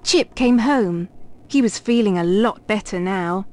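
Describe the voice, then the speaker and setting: A woman reading a children's picture book aloud, clear and expressive. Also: medium pitch, a little slow. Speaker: storybook reader.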